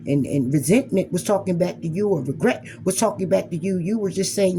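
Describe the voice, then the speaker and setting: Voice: mid-range voice, fairly quick, vocal fry, hardly any pauses, mellow. A speaker giving a blunt, emphatic motivational monologue as a spiritual reader, swearing freely and acting out inner arguments in quoted voices.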